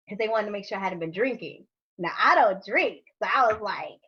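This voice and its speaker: A woman and mother telling a story from her youth in a casual podcast chat, animated, laughing often and swearing freely. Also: medium pitch, a little fast, breathy edge, highs cut off.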